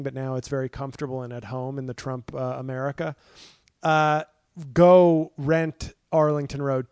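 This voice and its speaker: A man's voice: fairly high pitch, a little mellow, clean tone, no room sound, studio quality. A man hosting a casual solo podcast from home, rambling and sarcastic with lots of fillers and self-mocking asides. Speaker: podcast host.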